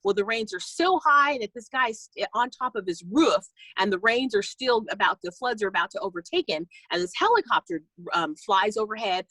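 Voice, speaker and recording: A woman on a team call, telling a personal faith story in a chatty, animated way and acting out the voices in her anecdotes. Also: mid-range voice, normal speed, few pauses, no echo, low-quality recording. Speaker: guest speaker on a team call. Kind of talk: personal testimony, casual storytelling. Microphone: call recording.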